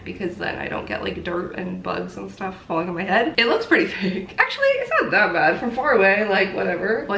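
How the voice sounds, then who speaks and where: A woman's voice: mid-range voice, a bit bright. A woman in her twenties talking casually to her camera in a vlog, rambling and laughing often. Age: 20s. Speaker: lifestyle vlogger. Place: apartment and city streets. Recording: echoey room, faint ambient noise.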